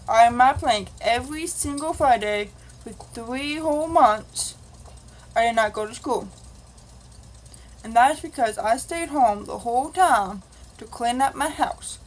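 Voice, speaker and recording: A woman's voice: high-pitched, slight background noise, rough recording. A woman vlogger telling a rambling, casual confessional story and acting out the dialogue. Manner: rambling, acts out quoted dialogue.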